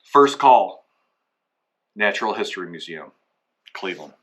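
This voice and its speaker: Bright-voiced man telling a comic anecdote. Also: fairly low pitch, lively intonation, measured pace. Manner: rambling, acts out both sides of conversations. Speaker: comic storyteller. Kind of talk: comedic anecdote monologue.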